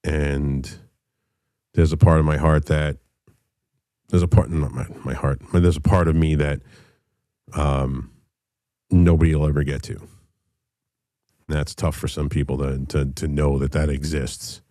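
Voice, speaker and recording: Deep dark-voiced guy in his 30s, cussing a lot, lots of ums, dry close sound. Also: flat delivery, no room sound. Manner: candid and profane, halting with fillers. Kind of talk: personal storytelling.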